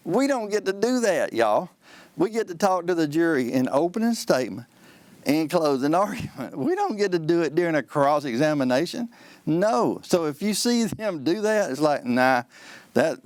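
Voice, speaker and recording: A man, a trial lawyer explaining how trials work on a call-in show, in a folksy, animated way that acts out courtroom exchanges. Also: fairly high pitch, creaky, no room sound.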